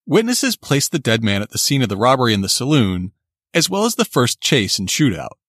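A man narrating a scripted true-crime story in a steady, suspense-building way. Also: medium pitch, a little fast, no echo, studio quality.

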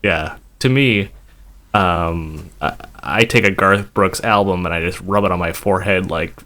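A man's voice: deep voice, measured pace, pushed and bright. A man co-hosting a podcast in casual banter, hesitant and chuckling. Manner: hesitant, many fillers, chuckling. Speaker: podcast co-host.

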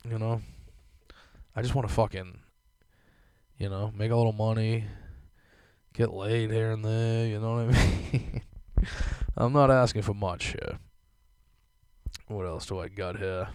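A man's voice: lowish voice, steady tone, measured pace, pauses often, a little mellow, smooth, no room sound. A young man hosting a podcast, ranting casually with lots of fillers and swearing. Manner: profane, rambling, filler-heavy. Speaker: podcast host. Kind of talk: casual rant.

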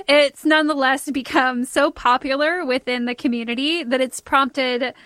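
A woman's voice: sits high, measured pace, fairly bright tone, dry recording. A young woman with a light Texan accent, chatting and telling a story on a podcast with lots of "like" fillers and giggles. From Texas. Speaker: podcast co-host. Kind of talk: casual chat.

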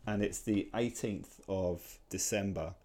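Unhurried and dark-toned, a lowish male voice co-hosts a casual podcast about comic strips. The man, in his forties, rambles through his points, restarting often and using many fillers.

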